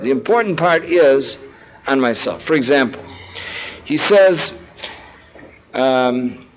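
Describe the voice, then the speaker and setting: Man, text study teacher, explanatory, repeats phrases for emphasis, muffled lo-fi audio. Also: medium pitch. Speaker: Torah teacher. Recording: dull lo-fi recording.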